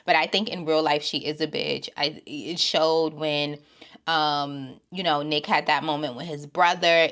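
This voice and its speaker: A woman giving blunt, profane opinions in a casual vlog, dropping from low mutters to loud exclamations. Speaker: TV show reviewer.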